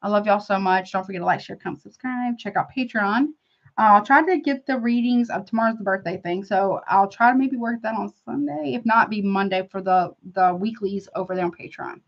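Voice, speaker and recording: A woman's voice: mid-range voice, a little fast, lo-fi sound. A middle-aged woman hosting a casual live-stream tarot reading, effusive and chatty, calling her viewers honey and y'all.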